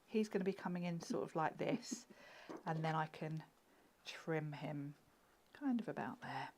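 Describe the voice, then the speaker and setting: A woman with a deep, unhurried voice chats and giggles while demonstrating card-making live, often sinking into a murmur as she works. Background noise can be heard.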